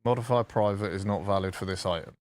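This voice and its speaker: A man's voice: deep voice, fast talker, a little mellow, no room sound, studio quality. A man from southwest England, chatting casually and joking with his live-stream chat while coding, swearing freely.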